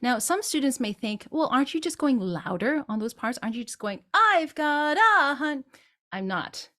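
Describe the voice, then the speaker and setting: A woman's voice: fairly high pitch, expressive, a little fast. A woman vocal coach explaining singing technique and breaking into short sung demonstrations of phrases.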